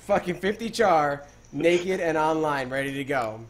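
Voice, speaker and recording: Excitable young man hosting a podcast. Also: fairly high pitch, measured pace, a loud crowd. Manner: laughing, excitable storytelling with many fillers. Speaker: podcast host. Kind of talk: casual gaming podcast chat.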